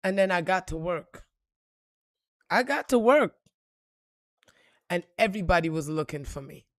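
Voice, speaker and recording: A woman giving an unscripted motivational talk and telling a story straight to her viewers, blunt and profane, swinging between quiet asides and loud emphasis. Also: fairly low pitch, lively intonation, measured pace, no room sound, clean studio sound. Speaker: spiritual reader and motivational speaker.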